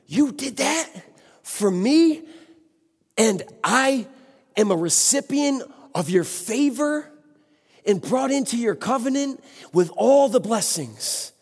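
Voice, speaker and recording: A man preaching a sermon with passion, exclaiming and speaking to the congregation. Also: very high-pitched. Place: church sanctuary. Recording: long hall reverb.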